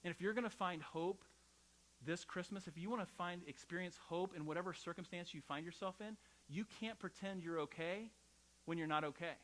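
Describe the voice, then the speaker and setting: A middle-aged man preaching like he's talking with friends, personal and unpolished, tossing in "right?" to keep the room with him. His voice is bright and forward and sits a touch high for a man. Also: fairly quick, rough recording. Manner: conversational, personal storytelling with frequent "right?". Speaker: pastor. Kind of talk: sermon.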